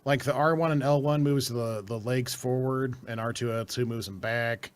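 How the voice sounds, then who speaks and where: A man's voice: medium pitch, fairly even intonation, normal speed, clear, resonant tone. Rambling young man on a podcast. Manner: rambling, lots of fillers and swearing, laughs often. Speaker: podcast co-host. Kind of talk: casual podcast chat.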